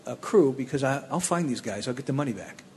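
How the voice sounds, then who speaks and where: A man from the Cleveland area tells his personal testimony, animated and plainspoken, with a middle-pitched voice. It is recorded in a roomy hall with a long reverb tail and faint ambience behind him. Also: fast talker, a little hiss or hum. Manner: plainspoken, animated storytelling with restarts. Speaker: speaker telling his testimony.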